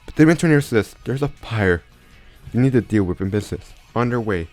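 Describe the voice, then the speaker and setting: Here a man retells a fan crossover story, improvising in an expressive, mid-range voice that runs a little fast and has a darkish tone. Faint music plays while he stumbles and restarts sentences often.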